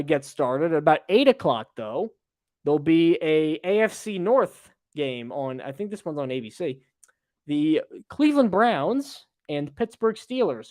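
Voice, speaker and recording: A man's voice: on the high side, no room sound. Opinionated man giving sports analysis. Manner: opinionated, emphatic, with frequent fillers. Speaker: podcast host.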